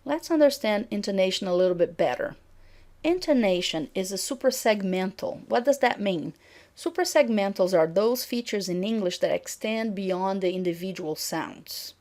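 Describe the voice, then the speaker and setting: Woman lecturing clearly on intonation. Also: mid-range voice, lively intonation, moderate pace, a little mellow. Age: middle-aged. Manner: clear, demonstrative, acts out example sentences.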